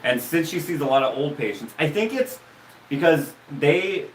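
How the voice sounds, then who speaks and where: Halting Canadian man host, echoey room. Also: a little high, expressive, far from the mic, slight background noise. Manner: halting, many restarts and fillers, laughs often. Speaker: host of a live stream. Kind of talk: casual chat, storytelling.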